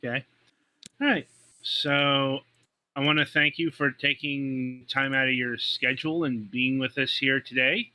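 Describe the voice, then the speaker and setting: A man hosting an interview podcast, asking questions and wrapping up the episode in a friendly, measured way. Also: mid-range voice, steady tone, sharp tone, rough recording. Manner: friendly, wraps up the show in a measured way. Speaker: podcast host. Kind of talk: interview host.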